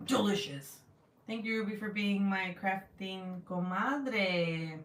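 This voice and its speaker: A woman's voice: mid-range voice, slow pace, recorded from a distance, slight background noise. A middle-aged woman hosting a craft livestream, chatting casually with viewers, laughing at herself and swearing freely. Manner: giggly, self-mocking, swears casually. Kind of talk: casual livestream chat reading comments. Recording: roomy sound, voice away from the mic.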